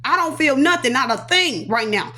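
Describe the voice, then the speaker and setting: A woman giving an animated, emotional personal testimony, acting out sound effects and repeating phrases for emphasis. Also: sits high, moderate pace. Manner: animated, dramatic storyteller voicing sound effects and repetitions; casual, talks aside to her children. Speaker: survivor telling her own story.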